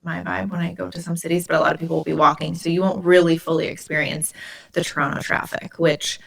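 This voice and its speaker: Chatty woman podcast host, slightly low. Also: level tone, quick pace, gravelly, a bit bright. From Indiana, USA. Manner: chatty, lots of "like" fillers. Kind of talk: casual storytelling chat.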